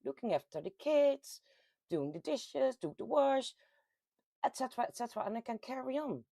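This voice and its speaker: Very animated and fairly high-pitched, her gravelly, mellow voice moves at normal speed with no echo. The speaker is a Dutch-accented woman from the Netherlands hosting a casual live chat at home, reading out comments from viewers, chatting away, and laughing often.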